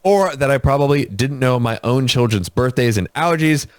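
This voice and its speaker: A man hosting a casual show, reading a post aloud with expressive delivery and brief dry remarks. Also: mid-range voice, normal speed, no room sound. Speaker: host reading posts aloud.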